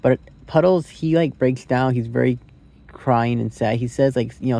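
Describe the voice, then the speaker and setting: A man's voice: mid-range voice, normal speed, vocal fry, dark tone. A young man reviewing a movie into his phone in a casual, rambling way, cursing freely and thinking aloud. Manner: rambling, curse-laden, thinks aloud with many likes and rights.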